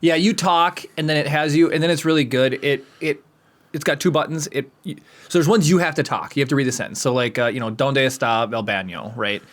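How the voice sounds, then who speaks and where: A man co-hosting a podcast in casual chat, animated and laughing often. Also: on the high side, fast talker. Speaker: podcast co-host.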